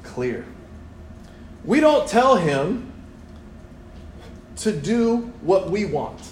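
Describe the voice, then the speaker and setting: A young man preaching a sermon in a church, animated and playful, acting out voices as he tells the story. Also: high voice, drawn-out words, a little hiss or hum. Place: church hall. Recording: echoey church room, faint ambience.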